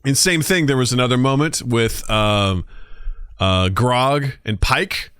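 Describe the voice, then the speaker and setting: A man co-hosting a podcast in casual chat, telling stories with lively acted-out quotes. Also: medium pitch, takes it slowly, smooth, no room sound. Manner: animated storyteller, acts out quotes. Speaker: podcast co-host.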